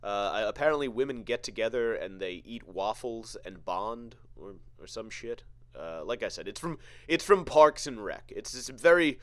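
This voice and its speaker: A man hosting a podcast, delivering a profane, sarcastic comedic rant full of halting restarts. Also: lowish voice, animated, a bit bright, no echo. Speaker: podcast host.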